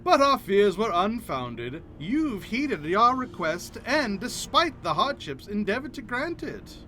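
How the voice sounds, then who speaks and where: A man's voice: high-pitched, sing-song, takes it slowly, noisy background, voice pushed up, heavily acted. A man reading aloud the lines of a solemn ancient male god in archaic, declaiming speech.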